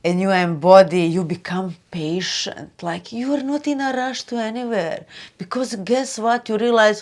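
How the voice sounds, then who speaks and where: A woman hosting a spiritual video, talking loosely and chattily with lots of "you know" and "like", turning soft and hushed for advice. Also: medium pitch, unhurried. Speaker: spiritual channel host. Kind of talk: casual spiritual talk to camera.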